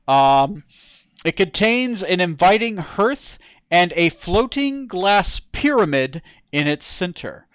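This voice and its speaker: A man running a tabletop game, narrating in a loose, halting voice that keeps stopping to fill gaps. His pitch is a little high, the sound is dry and close, and the recording is dull and lo-fi. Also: sing-song, clean tone, dry recording. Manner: casual, halting narration with fillers. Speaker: game master.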